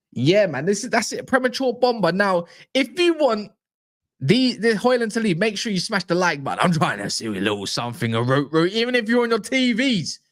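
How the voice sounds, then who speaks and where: Young man, casual stream banter, lively swinging pitch, slangy and jokey. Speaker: football fan streamer. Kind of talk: casual live stream chat.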